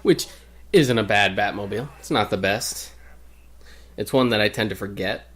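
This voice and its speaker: A man's voice: on the low side, moderate pace, a bit bright, breathy edge. A young man co-commenting on a game, opinionated and explaining comic lore at length. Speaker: guest co-commentator. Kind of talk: casual gameplay commentary.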